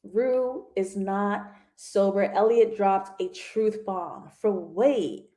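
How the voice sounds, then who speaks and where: A woman hosting a casual livestream TV review, animated and laughing often as she talks to her viewers. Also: mid-range voice, takes it slowly. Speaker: TV review host.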